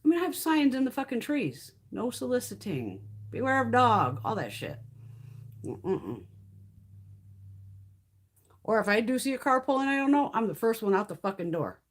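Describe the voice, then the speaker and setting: A woman's voice: a little high, wildly swooping pitch, normal speed, pauses often. A middle-aged woman hosting a makeup live stream, telling blunt, heavily profane stories and laughing through them in casual chat.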